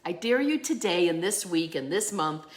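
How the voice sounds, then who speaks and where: A woman's voice: fairly low pitch, expressive, normal speed. A woman minister giving a sermon, telling a story with animation and acting out the voices in it. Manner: drops to a soft hush at the close.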